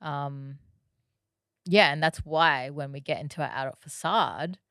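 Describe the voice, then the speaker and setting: A woman's voice: low voice, unhurried, fairly bright tone, dry recording, studio quality. A woman co-hosting a casual podcast, discussing a film and often agreeing with her partner. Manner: agreeable, frequent affirmations and fillers. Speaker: podcast co-host.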